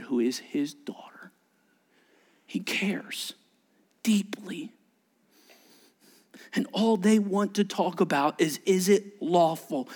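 This pastor's sermon features acted-out dialogue and swings between loud outbursts and near-whispers. He has a high-pitched male voice.

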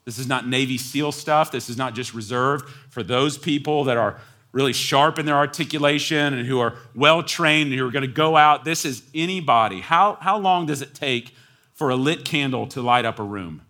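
A man preaching a sermon as pastor, moving between quiet, low asides and loud, high, near-shouted emphasis. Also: normal speed. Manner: animated preaching, swings from hushed to near-shouting.

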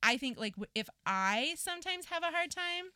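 A woman's voice: extremely high pitch, very animated, normal speed, bright, forceful tone, no echo, clean studio sound. An American woman in her thirties, a podcast guest chatting casually and animatedly with lots of fillers. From United States.

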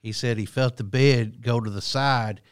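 A man co-hosting a podcast, telling a story in an easy, folksy drawl with loose everyday grammar. His pitch sits in the middle range. The recording is dry and close. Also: steady tone, moderate pace, smooth, dry recording. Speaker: podcast co-host. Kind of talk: casual storytelling chat.

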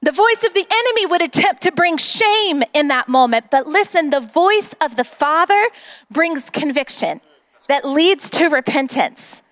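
A woman pastor with a very high voice delivers an earnest sermon. She speaks in a rallying tone to her congregation in a church. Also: expressive, unhurried, fairly bright tone.

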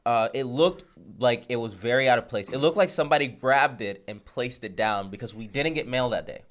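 Male podcast host, casual storyteller who acts out the dialogue, average-pitched voice. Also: brisk. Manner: animated retelling, acts out phone calls, laughs often.

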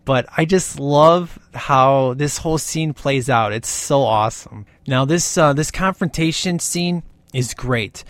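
A man talking casually and with excitement through a movie's scenes, gushing as he goes and often tagging "man" onto his lines. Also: medium pitch, a little slow, hardly any pauses, dry recording. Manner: gushing and animated, keeps saying "man". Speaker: film commentator.

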